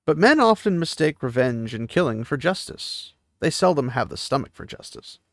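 A man voicing a calm, motherly young woman while recapping a book, soothing and measured. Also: mid-range voice, dry recording, studio quality.

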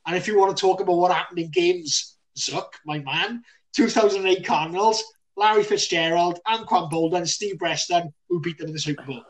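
A man co-hosting a casual sports podcast, excitable and full of banter, laughing often. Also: high-pitched, brisk, distant mic. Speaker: podcast co-host.

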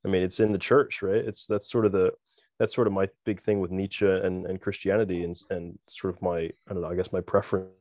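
A man's voice: deep voice, darkish tone, no echo. A man hosting a casual conversation, hesitant and full of restarts while he works out his thoughts. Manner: hesitant, restarts, many fillers. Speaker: host.

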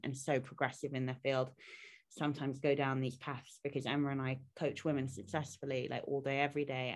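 A woman from the UK co-hosting a fitness podcast, speaking earnestly with frequent ums and restarts. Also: a bass voice. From United Kingdom. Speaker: podcast co-host, fitness coach. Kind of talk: casual podcast chat.

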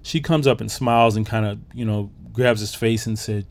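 A man's voice: lowish voice, fairly even intonation, moderate pace. A man hosting a podcast, giving a casual, enthusiastic movie review full of fillers and restarts. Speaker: podcast host.

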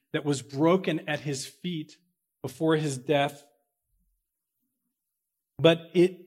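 A pastor preaching a sermon, slowing down to stress key words, with big swings in loudness, and correcting himself as he goes. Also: on the high side. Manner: corrects himself out loud mid-sentence.

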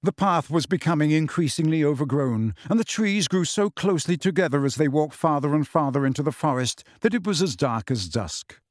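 A man's voice: on the high side, fairly quick, hardly any pauses, dry recording. Dry, close-miked male storyteller. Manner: steady storytelling. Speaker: audiobook narrator. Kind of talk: scripted narration. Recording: dry close studio sound.

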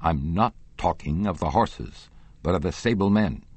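A man's voice: low-pitched, expressive, unhurried, breathy edge, dry recording, full character voice. A man voicing an irritable middle-aged riding master, speaking insistently and indignantly.

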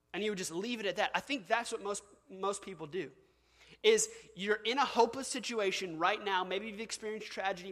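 A man's voice: high-pitched, fairly bright tone. A man preaching a sermon as pastor, conversational, with fillers and asides. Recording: long hall reverb.

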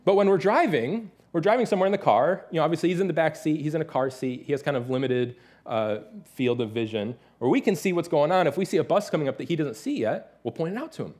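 A man in his thirties preaching a sermon as pastor, telling stories with lively, animated delivery and playful imitations. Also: fairly high pitch, quick pace, few pauses. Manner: animated storytelling, mimics his toddler's excited voice.

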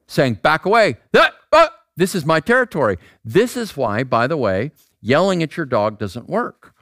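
Male preacher, casual sermon, lively up-and-down delivery, dry close sound. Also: medium pitch, creaky, dry recording. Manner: animated, acts out voices, asks rhetorical questions. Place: outdoor square.

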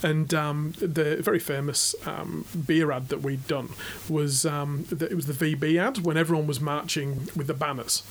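Chatty Yorkshire-accented man with a higher voice. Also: steady tone, moderate pace, hardly any pauses, slight background noise. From England. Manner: chatty, laughs often, self-mocking. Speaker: podcast co-host. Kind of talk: casual chat.

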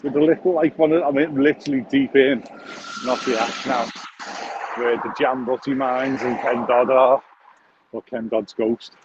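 A man's voice: medium pitch, fairly even intonation, moderate pace. Man, podcast host, crude jokey rambling, walking outdoors, phone mic, dull lo-fi sound, faint street noise. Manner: crude, swearing, jokey, many restarts. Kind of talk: rambling casual monologue.

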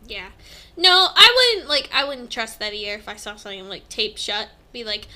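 High, bright-voiced giggly young woman. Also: expressive, a little fast. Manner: giggly, chatty. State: hiccups. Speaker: podcast co-host. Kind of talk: casual chat.

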